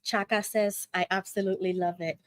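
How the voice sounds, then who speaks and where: A woman in her thirties with a New York Puerto Rican accent, hosting a casual livestream from home, chatty and quick to laugh as she reads comments aloud. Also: medium pitch, level tone, no echo, clean studio sound. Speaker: livestream host.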